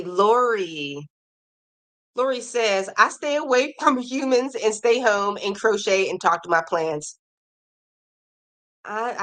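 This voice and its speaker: Female crochet streamer, mid-pitched, chatty, reacts warmly to comments, casual live talk. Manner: chatty, reads viewer comments aloud, animated reactions. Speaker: crochet livestream host. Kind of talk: casual livestream chat reading comments.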